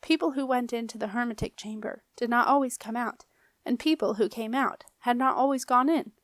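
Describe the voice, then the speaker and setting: A woman narrating a children's fantasy audiobook in a clear, expressive manner. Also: a little high, a little fast, dry recording. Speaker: audiobook reader. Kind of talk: storybook narration.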